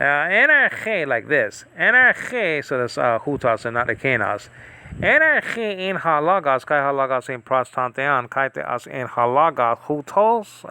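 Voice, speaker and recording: A man's voice: fairly high pitch, bright, forceful tone, clear, resonant tone, dry recording. A man giving a casual, rambling Bible study lesson, thinking aloud with many fillers and asides. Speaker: Bible teacher.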